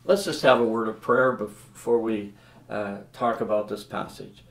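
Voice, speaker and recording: A man from Canada preaching a sermon as a pastor, speaking in an unhurried, earnest way with some fillers and restarts. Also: lowish voice, fairly even intonation, fairly bright tone. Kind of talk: sermon with scripture reading and prayer. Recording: roomy echoing church sound.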